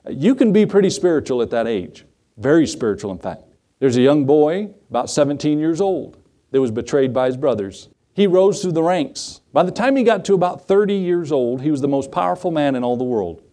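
A man's voice: a little high, expressive, normal speed, warm tone. A middle-aged man preaching a sermon as pastor, asking the congregation questions and acting out the voices of the people in his stories. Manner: dramatic voices for quoted figures, rhetorical questions to the congregation.

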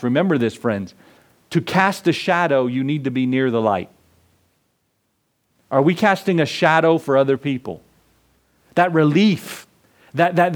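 A male pastor preaching a sermon, building emphasis through repeated lines and dropping low on key words. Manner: preacherly, rising and falling emphasis; repetitive emphatic lists.

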